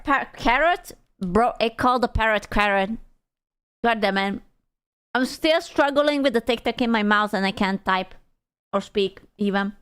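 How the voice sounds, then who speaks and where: Young woman streamer, high smooth voice, teasing and crude, just chatting w chat. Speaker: VTuber streamer.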